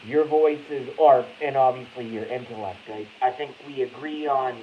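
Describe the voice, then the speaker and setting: A man's voice: medium pitch, normal speed. A man from Boston hosting a casual live stream, rambling, swearing and cutting himself off mid-sentence. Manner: rambling, profane, self-interrupting. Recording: dull lo-fi audio with faint hiss.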